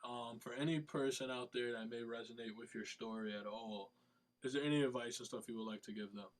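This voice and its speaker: A man leads an interview in an encouraging tone, offering quick affirmations and open questions. His voice sits at a middle pitch for a man. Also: steady tone. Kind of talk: interview host.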